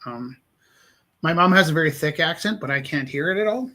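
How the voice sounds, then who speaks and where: A man's voice: a little high, lively intonation, a little fast, bright, forceful tone. A man chatting casually while making art on a live stream, musing aloud and poking fun at himself. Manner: musing, rambling, self-deprecating.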